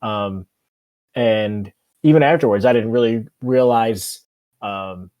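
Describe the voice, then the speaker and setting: A man's voice: lowish voice, slow pace, muffled recording. A man in his thirties chatting on a podcast, enthusiastic and rambling with many fillers. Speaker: podcast co-host. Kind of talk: casual podcast chat.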